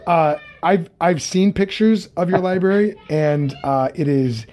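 A man hosting an interview over a video call, his voice pitched a little above the usual for a man. He talks casually and haltingly, full of "um"s and restarted phrases. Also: darkish tone. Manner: halting, many fillers and restarts. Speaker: interview host.

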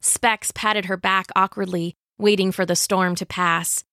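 A woman narrating a young adult novel in a measured, dramatic storytelling manner. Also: medium pitch, fairly even intonation, sharp tone, no echo, studio quality. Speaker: audiobook narrator. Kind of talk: scripted narration.

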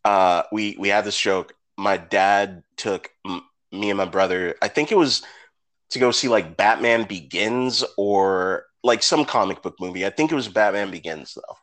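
A man co-hosting a casual podcast chat, telling stories with swearing and jumping up high when he acts out what people said. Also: moderate pace. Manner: animated storyteller, acts out quoted people with big pitch jumps. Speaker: podcast co-host.

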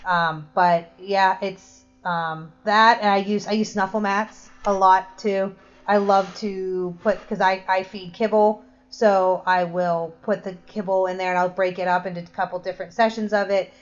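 Casting: chatty woman, mid-pitched, casual podcast talk, dull lo-fi recording. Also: steady tone, measured pace. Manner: chatty, rambling with restarts. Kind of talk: casual chat. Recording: dull lo-fi sound.

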